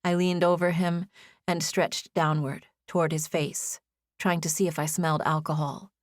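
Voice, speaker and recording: A young woman reads a first-person audiobook with a gentle, intimate storytelling manner. Her voice sits a little low, and the recording is dry and close, with no room sound. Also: flat delivery, normal speed, no echo. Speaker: audiobook narrator. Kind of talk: scripted first-person narration.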